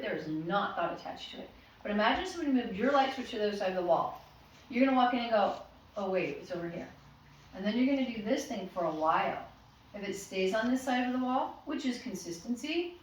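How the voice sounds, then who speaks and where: A woman's voice: mid-range voice, recorded from a distance. A woman working as a dog trainer, patiently explaining commands to a puppy's owners and acting out what to say. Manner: patient, instructive, acts out commands and dialogue. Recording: echoey room, voice from off-mic.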